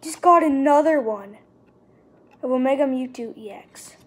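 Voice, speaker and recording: Woman, unboxing vlogger, high voice, unhurried delivery, excitable and gushing. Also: a little hiss or hum. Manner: excitable, gushing over pulls, lists cards quickly. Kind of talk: casual unboxing commentary. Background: card and wrapper crinkling.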